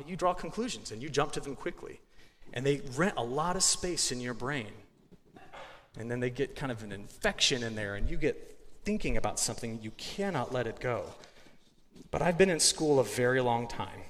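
Joking middle-aged man preaching in a hall. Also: medium pitch. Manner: conversational, joking, animated, with frequent restarts. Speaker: guest speaker, meteorologist. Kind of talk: sermon. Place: church sanctuary. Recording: long hall reverb, faint ambient noise.

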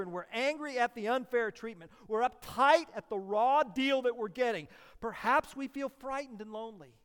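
Pastor, male, high voice, emphatic and repetitive delivery, long hall reverb. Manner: emphatic, repeats key phrases, swings from hushed to loud. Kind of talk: sermon. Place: church sanctuary.

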